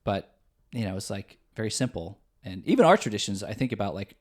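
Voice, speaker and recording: A man's voice: on the low side, sing-song, brisk. A young man from the Midwest US, co-hosting a podcast in easygoing casual chat with many fillers. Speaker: podcast co-host.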